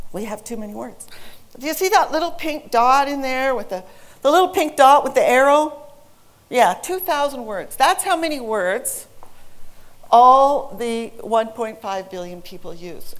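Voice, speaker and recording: Woman, forties, English teacher, presentation talk, higher voice, animated and humorous. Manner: lively storytelling with humorous asides.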